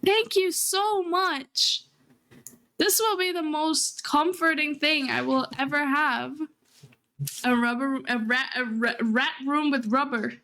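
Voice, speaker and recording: A woman's voice: high voice, unhurried, bright, forceful tone. A young adult woman streaming, chatting casually and rambling, often laughing as she talks. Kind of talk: casual chat.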